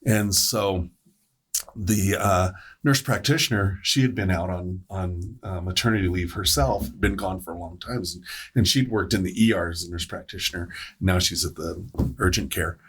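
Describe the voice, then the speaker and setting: A male paramedic telling a story to a podcast panel, with a deep, husky voice. He talks casually and acts out what others said. His tone shifts between quoted speakers. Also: normal speed, a bit bright.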